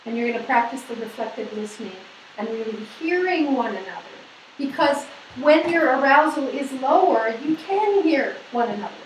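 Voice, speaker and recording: A woman presenting a seminar to a women's group, lively, asking the audience questions and acting out the people she quotes. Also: high-pitched, normal speed, slight background noise. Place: hall or meeting room. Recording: echoey room, mic at a distance.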